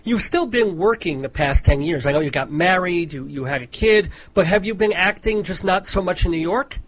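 A man's voice: high voice, lively intonation, normal speed, fairly bright tone, rough recording. A man hosting an interview, asking questions in an upbeat, enthusiastic way. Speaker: interviewer, host. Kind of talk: casual interview.

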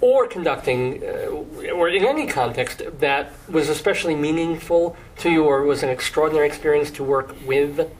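A man's voice: on the high side, animated, normal speed, few pauses, a little hiss or hum. A man interviewing a guest, chatty and eager, sometimes losing track of his questions.

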